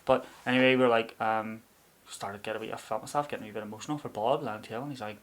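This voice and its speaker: A man's voice: on the low side, racing. Laughing man telling stories. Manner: animated storyteller who laughs often. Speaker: podcast co-host. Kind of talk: casual chat.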